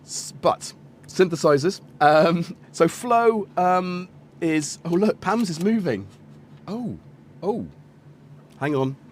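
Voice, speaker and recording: A man's voice: sits high, lively intonation, takes it slowly, a little hiss or hum. Chatty man hosting a synth stream. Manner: rambling, chatty, self-correcting, greets viewers. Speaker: host of a live synth stream. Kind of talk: casual live-stream chat and product demo.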